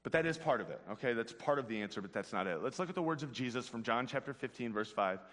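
A man's voice: medium pitch, fast talker. Slangy pastor man in a reverberant hall. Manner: casual slangy, animated, talks to the audience. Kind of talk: youth sermon.

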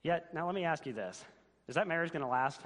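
A man's voice: on the high side, animated, fairly quick, a bit bright. A man preaching a sermon as pastor, earnest and building to emphatic questions. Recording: long reverb of a church hall.

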